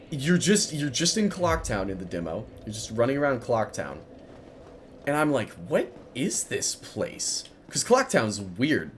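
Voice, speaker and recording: A man in his twenties telling a rambling story while commenting on his own gameplay, chatty and excitable, breaking off to react loudly. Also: mid-range voice, slight background noise. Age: 20s. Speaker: gaming video creator.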